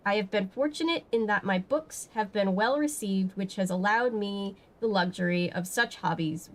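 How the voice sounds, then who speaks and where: A woman reading aloud as a prim, refined mystery author who tells her story in a measured storybook way. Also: mid-range voice, natural voice.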